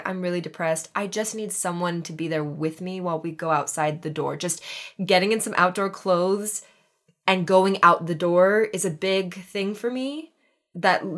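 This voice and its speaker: A young woman with a fairly low voice co-hosts a casual podcast. She speaks in an earnest, reflective way. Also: fairly bright tone. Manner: earnest, reflective, laughs easily. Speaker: podcast co-host.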